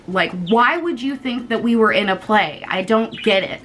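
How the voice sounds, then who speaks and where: A young woman from the United States, casually telling a storytime vlog in an animated, chatty way and swearing freely. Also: medium pitch, a little slow, hardly any pauses, soft background music. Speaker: vlogger.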